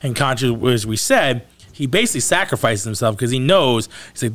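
A man's voice: mid-range voice, expressive, fairly quick, fairly bright tone. A man hosting a casual podcast, recapping a show in a loose, rambling way with some swearing. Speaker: podcast host. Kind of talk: casual chat recapping a TV episode.

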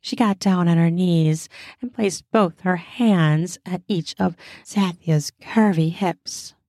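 A woman hosting a podcast and narrating an erotic audio story in a slow, deliberate reading voice. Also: fairly low pitch, darkish tone, dry recording, clean studio sound.

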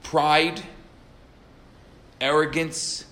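A man giving an earnest religious talk, telling stories and stressing key words by slowing down and raising his voice. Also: flat delivery, pushed and bright. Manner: earnest, emphatic, varies pitch and pace for stress. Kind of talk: sermon with storytelling.

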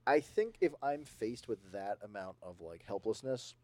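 A man co-hosting a casual podcast, telling scary stories in an animated way and acting out sounds and voices. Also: fairly low pitch, moderate pace, dry recording. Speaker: podcast co-host. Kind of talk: casual chat.

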